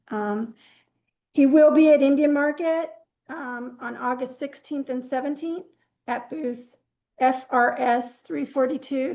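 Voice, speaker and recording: A woman's voice: sits high, creaky, a little mellow. A woman hosting an online talk over a video call, friendly and informal, losing her voice. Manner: friendly, informal, scattered announcing. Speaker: event host.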